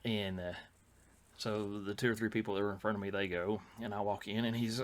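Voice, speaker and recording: A man's voice: on the low side, fairly even intonation, a little fast. An older man, telling rambling anecdotes as a podcast co-host, with many fillers and restarts. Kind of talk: casual storytelling chat.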